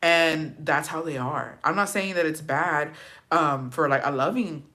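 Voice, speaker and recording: A woman's voice: sits low, unhurried. Profane, chatty young woman telling stories. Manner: profane, animated, switches into Spanish. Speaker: vlogger. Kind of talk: casual storytime chat.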